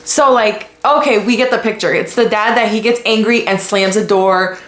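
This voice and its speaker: A woman's voice: mid-range voice, normal speed. Blunt, swearing American woman. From United States. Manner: blunt, heavy swearing, animated retellings. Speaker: podcast host. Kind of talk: casual commentary. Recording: echoey room.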